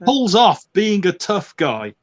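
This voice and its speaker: Lively, fairly high-voiced male host. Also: takes it slowly. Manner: chatty, laughs often, lively. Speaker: podcast host. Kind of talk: casual podcast chat.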